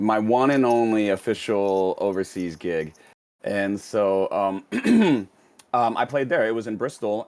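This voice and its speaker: A man being interviewed as a guest, telling a long story casually, with many fillers and restarts. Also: fairly low pitch. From United States.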